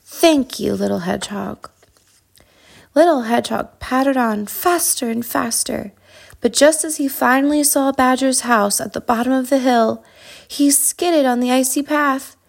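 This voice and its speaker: A woman narrating a children's storybook in a calm, soothing way. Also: high voice, normal speed, vocal fry.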